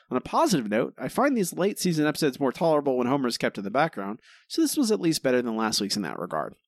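On a dry, clean studio recording, a man with a voice on the high side co-hosts a podcast. The talk is casual, and he delivers sardonic judgments about an episode.

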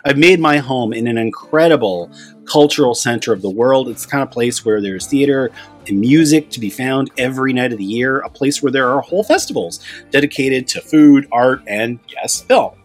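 A man's voice: medium pitch, lively intonation, normal speed, soft background music. A middle-aged man from Canada hosting a film podcast, chatty and self-mocking as he talks with his guest. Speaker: podcast host. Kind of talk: casual podcast chat and intro.

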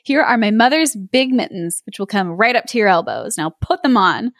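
A woman reads a fairy tale aloud for a podcast, lively and playful with little character voices. Her voice sits at an ordinary middle pitch. The sound is dry and close, with no room around it. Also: moderate pace, dry recording. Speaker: podcast co-host reading aloud. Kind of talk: storybook read-aloud with chat.

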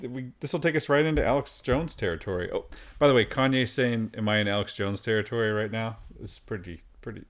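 A man hosting a podcast in casual talk, wry and offhand. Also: mid-range voice. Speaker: podcast host.

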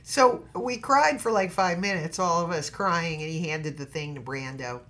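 A middle-aged actress telling a story as a podcast guest. She is expressive and dramatic, and acts out every quote. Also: fairly low pitch, moderate pace. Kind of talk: animated storytelling in a podcast interview.

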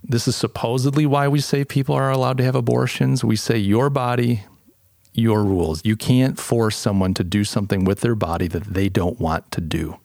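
A male podcast host argues his case in an emphatic monologue and stacks up rhetorical questions. His voice sits at an ordinary middle pitch. The sound is dry and close, with no room echo. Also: steady tone, a little fast, creaky, hardly any pauses, a little mellow. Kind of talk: opinion monologue.

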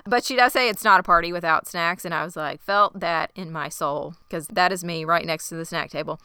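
Bright-voiced woman recapping a show. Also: lowish voice, brisk, clean tone, dry recording, clean studio sound. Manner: animated recapping, acting out characters' lines. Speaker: podcast co-host recapping a TV episode. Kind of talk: casual chat.

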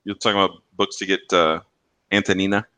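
A man's voice: sits low, level tone, fast, bright, forceful tone, smooth, no echo. A man co-hosting a casual podcast, rambling through stories, laughing and swearing. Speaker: podcast co-host. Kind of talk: casual chat.

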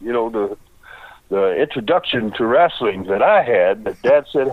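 A man's voice: medium pitch, expressive, moderate pace, dry recording. An older man, a retired wrestler telling a long story in a rambling, folksy way with lots of repeated words. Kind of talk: casual storytelling. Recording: dry phone-like line.

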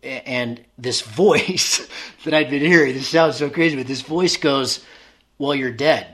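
A man's voice: a little high, moderate pace, a bit bright. A man telling a long personal story in casual conversation, rambling with many fillers and restarts.

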